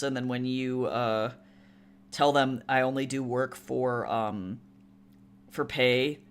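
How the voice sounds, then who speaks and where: Drawing on a live stream, this artist keeps up a casual, meandering chat full of fillers and tangents. Chat messages get read out loud, and jokes come in sudden higher, louder spikes.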